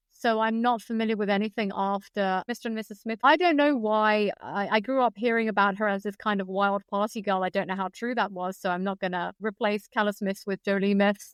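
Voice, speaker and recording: A woman from Britain speaks as a podcast guest with a smooth, resonant voice, and she is precise and opinionated. The recording is dry and close-miked. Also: mid-range voice, steady tone, a little fast, dry recording. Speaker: guest biographer. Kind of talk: podcast discussion.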